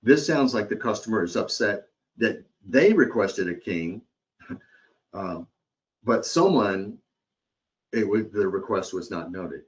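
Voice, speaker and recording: A man with a fairly low voice leads a live training webcast on hospitality. He talks in a loose, conversational way and often checks in with his listeners. The sound is dull and lo-fi, like audio from a computer mic. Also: expressive, takes it slowly. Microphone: computer or headset mic on a webcast.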